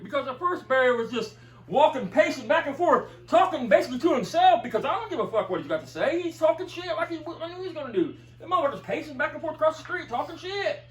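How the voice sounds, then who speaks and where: A man with a high voice tells a heated, profane story in casual chat. He sits some way back from the mic. The room echoes around him. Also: a bit bright, far from the mic. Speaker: video commentator.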